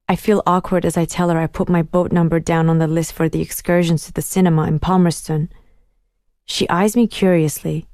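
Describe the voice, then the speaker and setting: A woman reading a first-person audiobook in a measured, inward storytelling manner. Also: fairly low pitch, steady tone, a little mellow, dry recording, studio quality. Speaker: audiobook narrator.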